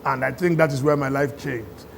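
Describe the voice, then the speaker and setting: A man's voice: mid-range voice, normal speed, vocal fry, slight background noise. A middle-aged Nigerian man with a Nigerian accent, a talk show guest telling stories with frequent laughter. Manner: laughs through his stories, animated. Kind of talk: storytelling conversation.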